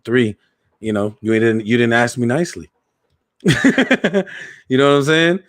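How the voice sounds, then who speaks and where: A man's voice: medium pitch, brisk, no echo. A man co-hosting a casual talk show, telling a profane story about a boss in a laid-back way.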